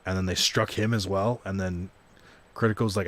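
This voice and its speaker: A young man chatting loosely over a card video game stream, voice sitting a bit low. He rambles and pokes fun at himself, dropping the odd swear word. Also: steady tone, moderate pace, fairly bright tone. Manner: rambling, self-deprecating, swears casually. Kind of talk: casual gaming stream commentary.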